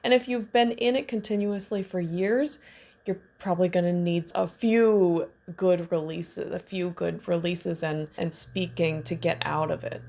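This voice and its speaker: A woman's voice: lowish voice, steady tone, unhurried, gravelly. A woman in her thirties speaking as a trauma healing coach, in a candid, casual teaching monologue with laughs and personal asides. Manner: warm candid talk with laughs and self-disclosure.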